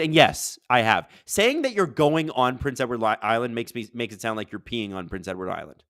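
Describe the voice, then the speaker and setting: Hosting a casual live-stream watch-along of a hockey game, a man gives energetic, rambling commentary and reads chat questions out loud. His mid-range voice moves a little fast with hardly any pauses. There's no echo, just clean studio sound.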